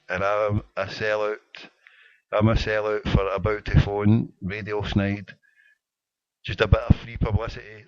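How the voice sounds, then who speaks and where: A man with a voice on the low side hosts a casual live internet radio show, joking in mock indignation as he reads the chat. The recording is dry and dull, with lo-fi internet radio sound and no echo.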